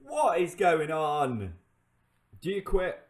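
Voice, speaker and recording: A man hosting a gaming channel, commentating his own game live to viewers, swinging between excitement and exasperation. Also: on the high side, moderate pace, faint music behind.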